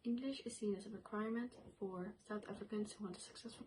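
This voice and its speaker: A young woman reading a school presentation in a soft, breathy whisper. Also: mid-range voice, steady tone, fast talker. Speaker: student presenter. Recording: noisy recording with clicks.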